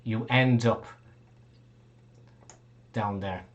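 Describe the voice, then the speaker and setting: A man's voice: on the low side, steady tone, very slow, highs cut off. A man narrating a tabletop game as game master, rambling, swearing casually and laughing often.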